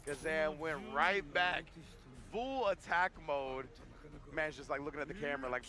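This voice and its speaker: Calling play-by-play at a fighting game tournament, this man speaks at normal speed in a slightly high voice. He brings excitable hype to the action and trades jokes with his co-caster.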